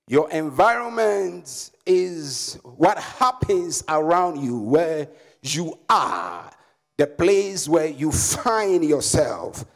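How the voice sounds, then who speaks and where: Slow emphatic Ghanaian-accented male preacher. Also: on the high side. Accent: Ghanaian English. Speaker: pastor and prophet. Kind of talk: sermon with call-and-response.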